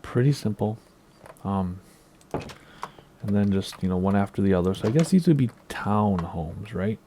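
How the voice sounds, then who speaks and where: An American man giving a relaxed, rambling tour of his game build, with plenty of ums and asides. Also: low-pitched, a little slow, slight background noise. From United States. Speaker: Minecraft video creator. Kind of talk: casual gameplay tour commentary.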